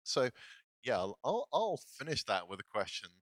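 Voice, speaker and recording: A man's voice: medium pitch, very animated, normal speed, dry recording, rough recording. A male pastor giving a casual, self-deprecating sermon, laughing often as he talks. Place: church.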